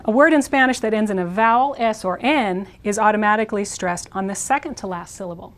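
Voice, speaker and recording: Woman teaching slow, careful pronunciation. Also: medium pitch. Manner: explains rules step by step. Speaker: Spanish teacher. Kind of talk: recorded language lesson.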